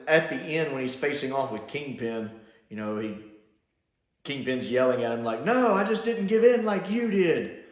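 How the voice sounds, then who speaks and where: Chatty male reviewer in a roomy space. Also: medium pitch. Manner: animated, chatty, with frequent "uh" and "like". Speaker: film and TV reviewer. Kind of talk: casual spoken review. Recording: roomy echo.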